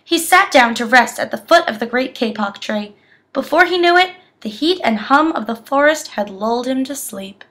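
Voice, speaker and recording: A young woman reads a children's picture book aloud with expressive, animated storytelling. Her voice is high and bright, rising and falling widely. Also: moderate pace. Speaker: education student.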